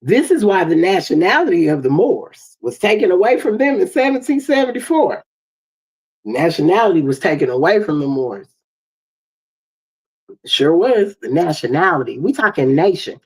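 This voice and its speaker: A woman in her fifties with an African American English accent, hosting a livestream and telling stories in an animated way, acting out the dialogue. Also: on the low side, moderate pace, husky. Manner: animated storytelling, acts out dialogue. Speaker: livestream host. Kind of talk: casual livestream monologue. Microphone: streaming setup mic.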